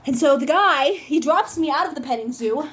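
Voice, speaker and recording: A young woman telling a story for her vlog in a dramatic, animated way, recorded on a phone camera. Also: high voice, normal speed, slight background noise. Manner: dramatic, animated, shrieks when reenacting. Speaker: vlogger.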